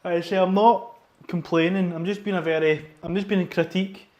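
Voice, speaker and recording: A man's voice: high voice, steady tone, brisk, a little mellow, lo-fi sound. A young Scottish man chatting casually about his training in a gym, rambling and correcting himself, on a lapel mic. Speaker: powerlifting vlogger. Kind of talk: casual gym vlog chat. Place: gym, indoors. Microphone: wireless lapel mic under t-shirt.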